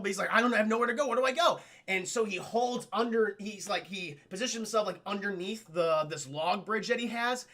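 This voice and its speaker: A man streaming a casual film recap, animated and profane, often talking to his chat. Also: sits high.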